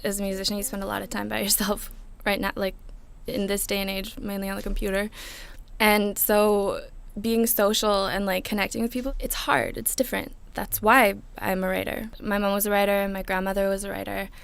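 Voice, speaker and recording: Gravelly-voiced young woman chatting. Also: mid-range voice, fairly quick. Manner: relaxed, chatty, lots of "like" fillers. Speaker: singer-songwriter interviewee. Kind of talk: casual interview talk. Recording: music playing underneath.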